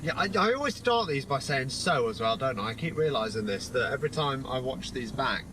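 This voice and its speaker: A man's voice: medium pitch, lively intonation, a little fast, background noise. A man filming a rambling, exasperated rant from inside a car. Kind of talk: ranting vlog to camera.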